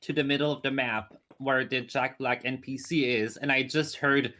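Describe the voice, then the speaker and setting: A man chatting casually over voice chat while gaming, halting often with filler sounds. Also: mid-range voice, steady tone, sharp tone. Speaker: friend on voice chat.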